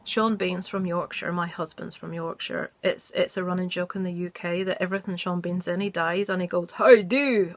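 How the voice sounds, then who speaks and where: A woman's voice: on the low side, vocal fry, fairly bright tone, no room sound. A woman vlogger chatting casually about horror films, giving blunt, jokey opinions. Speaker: movie review vlogger. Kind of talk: casual chat.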